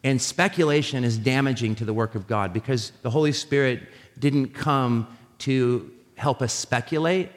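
A man preaching a sermon as a pastor, telling animated, jokey stories with many restarts. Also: mid-range voice, normal speed. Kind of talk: sermon with storytelling. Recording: live sermon in a reverberant hall.

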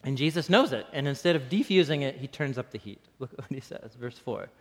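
A man's voice: medium pitch, brisk. Chatty preacher man in a reverberant hall. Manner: casual, animated, laughs often. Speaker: pastor. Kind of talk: conversational sermon.

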